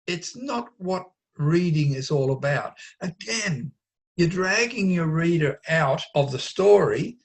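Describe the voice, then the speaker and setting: Slightly high-voiced man teaching writing. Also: a bit bright. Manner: explanatory, with mock overheard chatter. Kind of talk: online writing lesson.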